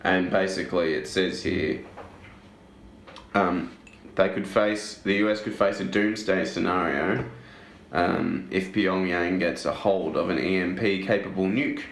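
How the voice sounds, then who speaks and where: A man's voice: sits low, unhurried, reverberant. A young Australian man co-hosting a casual podcast chat, joking and crude, fond of doing impressions. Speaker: podcast co-host.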